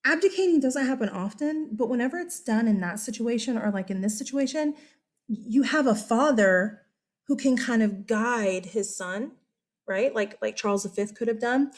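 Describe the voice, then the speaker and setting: A woman's voice: fairly high pitch, normal speed. A woman history teacher giving a casual, chatty lecture, correcting herself and asking her students questions.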